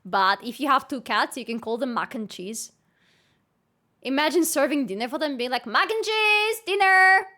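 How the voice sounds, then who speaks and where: High-voiced woman streamer. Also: moderate pace, fairly bright tone. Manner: playful, bursts into squealing laughs. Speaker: livestreamer. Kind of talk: casual chat with live viewers.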